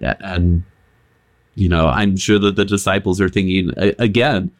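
Man pastor, very deep voice, earnest explainer, halting starts, dry recording. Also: fairly even intonation, no echo. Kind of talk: casual scripture discussion.

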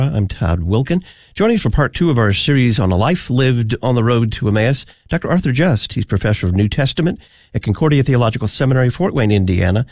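A man's voice: medium pitch, darkish tone, no room sound. Dry-voiced male radio host. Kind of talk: radio interview.

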